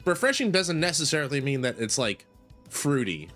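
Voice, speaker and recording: A man's voice: fairly high pitch, big pitch swings, normal speed, a bit bright, faint music behind. A man streaming a shop simulator game, chatting casually in a rambling way, full of fillers. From United States. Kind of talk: casual gaming commentary.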